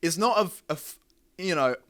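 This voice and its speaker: A man's voice: on the high side, expressive, brisk, a bit bright. Rambling young man telling a story. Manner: rambling, repeats words, laughs often. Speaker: podcast host. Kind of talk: casual storytelling chat.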